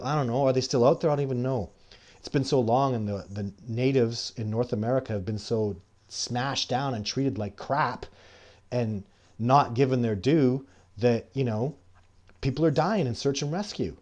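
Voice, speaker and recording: A man's voice: mid-range voice, expressive, normal speed, a little mellow. Middle-aged canadian guy doing a live stream q&a, rambly, gets fired up and indignant. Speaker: host answering live chat questions. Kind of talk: casual live-stream chat.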